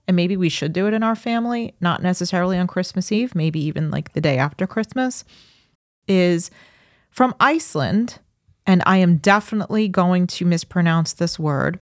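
A woman in her thirties chats casually with a softened New York accent, thinking aloud as she goes. Her voice sits a bit low for a woman. The sound is dry and close, with no room around it. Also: no room sound. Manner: chatty, thinks aloud with restarts. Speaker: podcast co-host. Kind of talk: casual chat.

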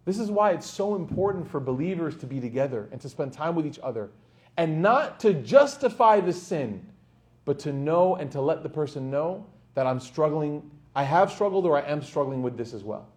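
A man giving a sermon to a live audience in a lecture hall, in an animated storytelling manner, acting out the quoted voices. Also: fairly high pitch, normal speed. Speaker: Islamic lecturer.

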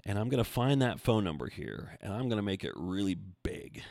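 A man hosting his own podcast as a coach, talking casually and thinking out loud, with self-deprecating asides. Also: fairly low pitch, sing-song, a little fast, no echo, clean studio sound. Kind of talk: casual solo podcast talk. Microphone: desk mic, seated.

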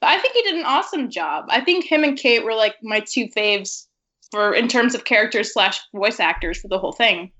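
Bright-voiced chatty woman. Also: a little high, animated, a little fast, lo-fi sound. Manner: chatty, laughs while talking, lots of "like". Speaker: podcast co-host. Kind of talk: casual film discussion.

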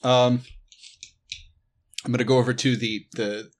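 A man's voice: medium pitch, level tone, unhurried. A man playing a tabletop role-playing game, joking and irreverent as he describes his character's actions. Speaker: player.

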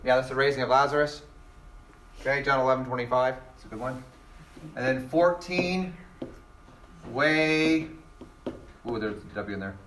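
A man's voice: mid-range voice, fairly bright tone, a little hiss or hum. A man teaching a Bible class, quizzing his students with rhetorical questions and acting out quoted exchanges. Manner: acts out voices in quoted exchanges.

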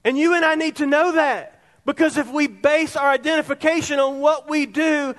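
A middle-aged male pastor with a very high voice delivers a sermon, leaning on repeated phrases for emphasis. His voice carries a long reverb from the hall around him. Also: steady tone, normal speed, a bit bright. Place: church sanctuary.

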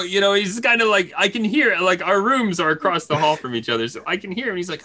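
A man's voice: sits high, animated, fast talker, hardly any pauses, bright, forceful tone. A man, a father, telling a family story in casual chat, laughing often and acting out the voices of his family.

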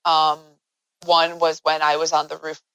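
A woman's voice: low-pitched, monotone, unhurried, fairly bright tone, smooth, dry recording, lo-fi sound. Earnest woman telling her story, dry sound. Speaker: interview guest. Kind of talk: personal storytelling in an interview.

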